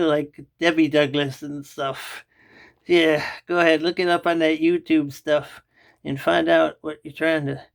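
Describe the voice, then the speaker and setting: A man vlogs from a kitchen chair at home, filming himself on a phone. His voice sits a little high for a man and has a gravelly texture. He rambles from joke to joke and keeps addressing his viewers directly. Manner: jokey, rambling, talks straight to viewers. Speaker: vlogger. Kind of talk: casual rambling vlog to camera.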